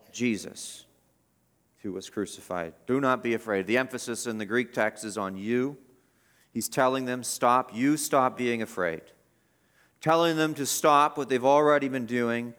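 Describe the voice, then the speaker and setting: A man preaching a sermon, swinging between loud emphatic bursts and hushed passages, and asking his listeners questions. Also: fairly high pitch.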